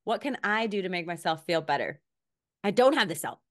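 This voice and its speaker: A woman's voice: fairly low pitch, expressive, brisk. A woman hosting a podcast in a casual, chatty way, using lots of fillers and agreeing readily. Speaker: podcast host.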